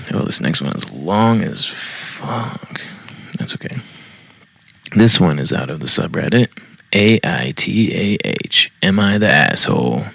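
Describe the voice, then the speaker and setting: Male podcast host, low unhurried voice, foul-mouthed, bluntly riffs on what he reads. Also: lively intonation, creaky, pushed and bright, slightly rough, no room sound. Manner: blunt, profane, laughs at his own jokes. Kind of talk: reading and reacting to reddit posts.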